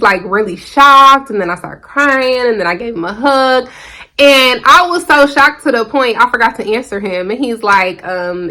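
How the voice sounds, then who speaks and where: A woman's voice: a little high, animated, normal speed, pushed and bright. A woman vlogger chatting casually to camera, retelling a personal story with lots of fillers.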